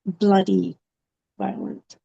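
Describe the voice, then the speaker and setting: A woman giving a personal testimony in an interview, speaking haltingly with many pauses and fillers. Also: medium pitch, level tone, dark tone. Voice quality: gravelly. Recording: dull, muffled recording.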